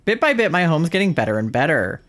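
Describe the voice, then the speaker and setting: A woman reading game dialogue aloud for a sleepy, easygoing Pokemon creature, in an unhurried, gentle read-through. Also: low-pitched, very animated. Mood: content.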